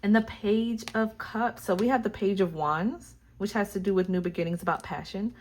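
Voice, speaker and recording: A woman giving a casual tarot reading, talking straight to her viewers in a gushing, excitable way. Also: mid-range voice, moderate pace, slight background noise. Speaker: tarot reader.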